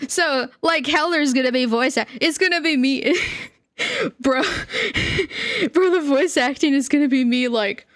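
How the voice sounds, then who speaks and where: A woman's voice: high voice, takes it slowly, pauses often, fairly bright tone, no echo, studio quality. A young woman streamer chatting casually, giggling often and trailing off mid-sentence. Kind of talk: casual livestream chat.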